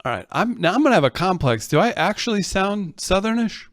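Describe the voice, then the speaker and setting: A man chats with two hosts in a lively voice that swings far up and down. He jokes at his own expense, and the sound is close and dry. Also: high voice, fairly quick, no room sound. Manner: self-deprecating joking. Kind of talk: comedic casual chat.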